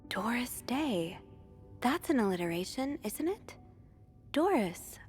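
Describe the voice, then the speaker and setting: A curious young sleuth. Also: female voice, a little high, very animated, takes it slowly, darkish tone, faint music behind. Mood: musing. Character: curious young woman investigating a mystery. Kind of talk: game voice acting.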